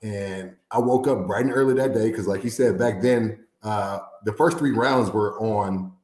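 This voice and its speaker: Guy from indiana telling a story, kinda low voice, acts out quotes, echoey room. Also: moderate pace. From Fort Wayne, Indiana. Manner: animated storyteller, acts out quotes, laughs often. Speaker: former NFL player, guest. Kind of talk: storytelling interview.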